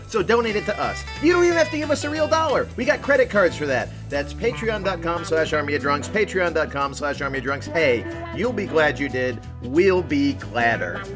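A man hosting a casual drinking podcast, jokey and rambling, mock-pleading when he plugs the show. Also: high-pitched. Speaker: podcast host.

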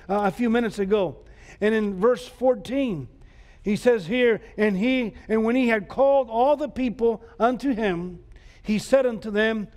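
A man's voice: high voice, a little mellow. A man preaching a sermon as pastor, emphatic, with repeated rhetorical questions to the congregation. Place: church sanctuary. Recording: church hall reverb.

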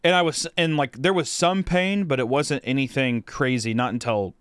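A man's voice: medium pitch, normal speed, smooth, no room sound. A man co-hosting a podcast, telling a story casually and profanely, rambling with lots of fillers. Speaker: podcast co-host.

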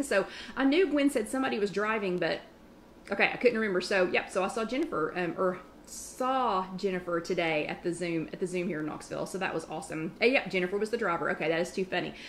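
Fast-talking Southern woman hosting a live chat. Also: mid-range voice, a little hiss or hum. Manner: fast, chatty, rambling, with quick asides. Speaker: host of a live online chat. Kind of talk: casual live-stream chat, greeting viewers.

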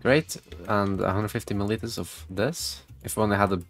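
A man giving excitable gameplay commentary, reading game text aloud, reacting loudly and swearing often. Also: on the low side, fairly quick, faint music behind. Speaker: gaming video creator.

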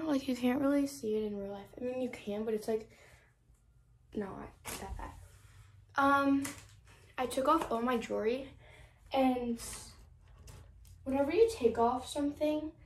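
With frequent pauses and an unhurried pace, a high-pitched teenage girl talks to her vlog camera while getting ready at home. She's slightly out of breath, rambles with lots of fillers, and makes a big drama out of small complaints.

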